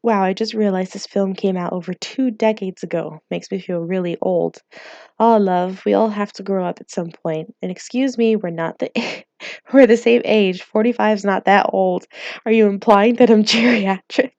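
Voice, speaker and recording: A woman's voice: medium pitch, normal speed, a little mellow, dry recording, muffled recording. A woman playing a mobile game, reading its text messages aloud in light put-on voices and chatting casually, laughing often. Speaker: gaming YouTuber.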